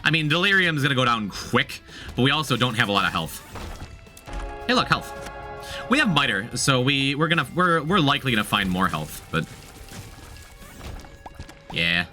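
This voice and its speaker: A man narrates his gameplay in a bright, lively voice that rises and falls a lot. He thinks aloud, repeats phrases and talks to his chat. Faint game music plays behind him. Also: medium pitch, moderate pace, long pauses. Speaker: streamer. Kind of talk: casual gameplay commentary.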